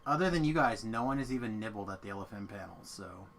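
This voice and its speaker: A man's voice: fairly low pitch, animated, quick pace, a bit bright, slight background noise. A man hosting a casual gaming stream, joking with friends and thanking viewers in a playful way. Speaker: streamer host.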